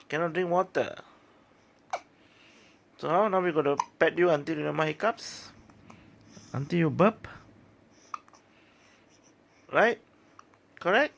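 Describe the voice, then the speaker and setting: A woman's voice: sits low, slow, gravelly, pauses often, slight background noise. A woman filming her baby on a handheld phone at home, cooing soothing, repetitive baby talk.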